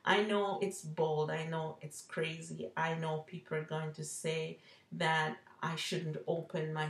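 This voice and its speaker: A woman in her forties with a light Jamaican accent talks straight to the camera in a low, gravelly voice. She rambles openly and pokes fun at herself. The sound is echoey, as if she is in a bare room. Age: 40s. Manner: rambling, self-deprecating, open. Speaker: lifestyle vlogger. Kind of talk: candid personal vlog.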